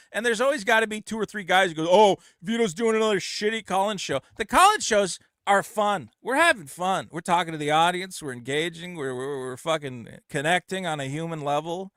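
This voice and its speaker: A man hosting a call-in podcast, talking in a loud, profane, ranting way on a close studio mic. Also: high voice, very animated, fairly quick, hardly any pauses, dry recording. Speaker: podcast host. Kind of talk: casual call-in chat.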